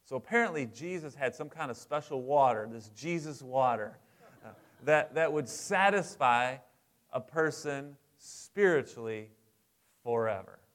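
A middle-aged pastor preaches in a conversational style, often checking in with the congregation and asking them to respond. His voice sits at medium pitch with lively intonation and a fairly bright tone, and he talks a little slowly.

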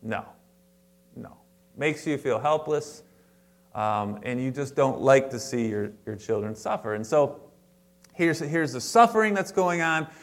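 A man preaching a sermon to his congregation in a conversational way, with restarts and asides, stressing words in sudden louder bursts. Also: on the high side. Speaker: pastor. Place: church sanctuary before a congregation.

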